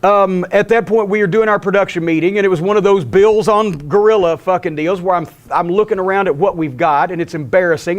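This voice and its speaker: An older man telling a backstage story with heavy swearing, acting out quotes in an animated way. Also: high voice. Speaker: wrestling promoter telling stories. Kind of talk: profane storytelling monologue.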